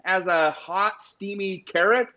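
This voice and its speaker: A man from co-hosting a live stream, excitedly calling out viewers by name with whoops and thanks. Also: sits high, slow pace. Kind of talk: casual live-stream chat. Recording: muffled live stream with background noise.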